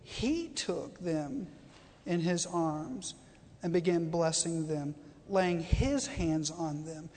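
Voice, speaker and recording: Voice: mid-range voice, slow pace, a little mellow. A guest preacher gives a conversational sermon, often repeating phrases and asking the congregation questions. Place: church sanctuary. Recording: long reverb of a church hall.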